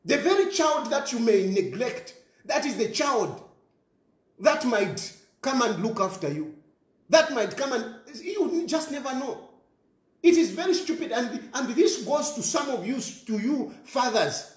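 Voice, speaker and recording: Ranting Zambian man with a high voice. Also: big pitch swings, measured pace, echoey room. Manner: ranting, scornful, repeats phrases, mixes in local words. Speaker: commentator. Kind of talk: impassioned monologue.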